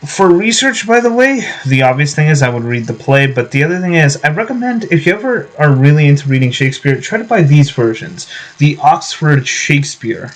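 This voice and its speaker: A man's voice: fairly high pitch, expressive, fairly quick, low-quality recording. A young man vlogging casually, rambling with many fillers and restarts. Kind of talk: casual vlog talk.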